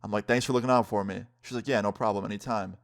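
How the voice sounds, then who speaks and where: A man's voice: lowish voice, steady tone, fast. Laid-back young man telling a story. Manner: laid-back, swears freely, acts out the quotes. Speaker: vlogger. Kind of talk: casual story time.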